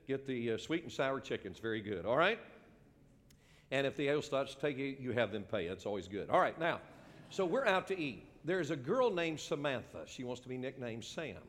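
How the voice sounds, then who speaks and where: Older preacher in an echoing church hall. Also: male voice, mid-range voice, very animated, moderate pace. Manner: earnest preaching, swings from hushed to ringing. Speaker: pastor. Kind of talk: sermon.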